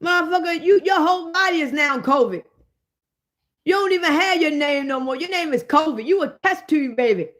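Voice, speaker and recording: A woman, hosting a livestream and ranting in a loud, profane, animated way. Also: high voice, normal speed. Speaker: livestream host.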